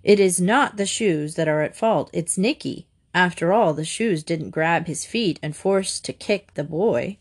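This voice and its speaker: A woman voicing a calm, firm father in a storybook reading, steady and reasoning. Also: fairly low pitch, a little slow, hardly any pauses, husky.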